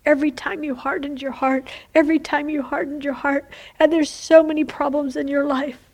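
A woman voicing the Lord as a gentle, sorrowful male figure in whispered role-play, speaking slowly with pleading repetitions. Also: high voice, flat delivery, voice pushed up. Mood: tender. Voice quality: soft breathy whisper. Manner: slow, tender, pleading repetitions.

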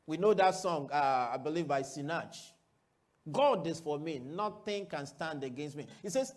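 A man preaching a sermon to his church, asking rhetorical questions and calling for answers, moving between loud declarations and quiet asides. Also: a little high, animated, normal speed.

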